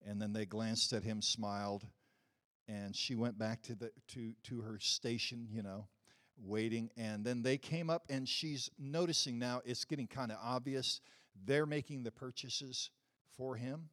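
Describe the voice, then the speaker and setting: A pastor telling a story in a sermon, conversational and self-deprecating, building to emphatic points. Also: male voice, mid-range voice, steady tone, measured pace, fairly bright tone.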